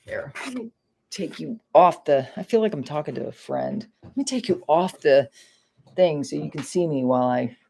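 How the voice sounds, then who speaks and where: Her low, gravelly, mellow voice is animated and moves at a normal pace, with slight background noise behind it. A middle-aged Maine woman hosting a casual home livestream, she talks right to chat and swears freely in frustration.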